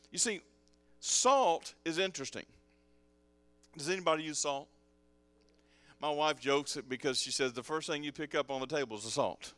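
A pastor preaches to his congregation in a smooth, clear voice that sits a little high for a man. He pulls the room in with call-and-response and light joking asides. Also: moderate pace, long pauses, fairly bright tone, dry recording, faint music behind. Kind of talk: sermon. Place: church sanctuary with congregation.

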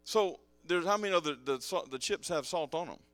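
Lively pastor preaching to his church. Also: a little high, brisk, smooth, dry recording. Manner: animated preaching, calls on the congregation to respond; joking, conversational asides. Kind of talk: sermon. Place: church sanctuary with congregation.

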